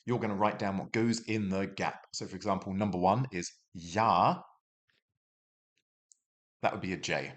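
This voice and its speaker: Chatty low-voiced man teaching German. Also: moderate pace, pauses often, fairly bright tone. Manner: chatty, self-deprecating, rambling asides. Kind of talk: casual self-recorded language lesson.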